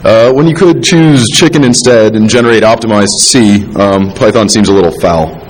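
A man with a slightly low voice gives a technical talk to a room, stumbling through restarts and frequent filler sounds. He is a little tipsy and slips in dry, self-deprecating asides between points. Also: normal speed, rough recording. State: tipsy, drinking while talking. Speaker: conference speaker. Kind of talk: technical presentation.

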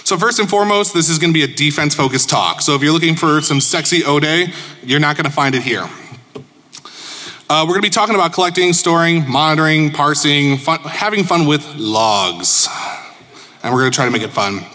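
A man's voice: on the high side, a little fast, sharp tone. Joking man speaking in an echoey hall. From Chicago, USA. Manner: joking, informal and self-deprecating. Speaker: conference speaker. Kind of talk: casual conference presentation. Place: conference hall with audience.

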